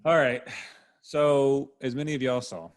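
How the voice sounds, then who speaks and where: A man's voice: mid-range voice, fairly even intonation, unhurried. A man co-hosting a casual sports podcast, making dry, wry quips and leading the next topic. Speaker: podcast co-host.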